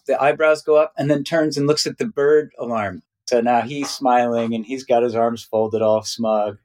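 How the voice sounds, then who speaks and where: A man telling stories as an interview guest, loose and conversational, acting out other people's voices with big jumps in pitch. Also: moderate pace, hardly any pauses, a little mellow. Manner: loose, conversational, many "you know" and "right". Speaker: interview guest, nature mentor.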